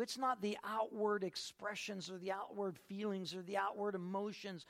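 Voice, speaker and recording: Middle-aged man, pastor delivering a sermon, gravelly, slightly high voice, emphatic with loud swells. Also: steady tone, moderate pace, few pauses. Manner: emphatic, swings from quiet to loud.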